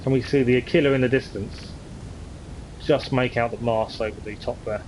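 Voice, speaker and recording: A man's voice: mid-range voice, fairly even intonation, moderate pace, darkish tone, a little hiss or hum, poor audio. A man chatting casually as he streams a game and reads its text aloud. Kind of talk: live gameplay commentary.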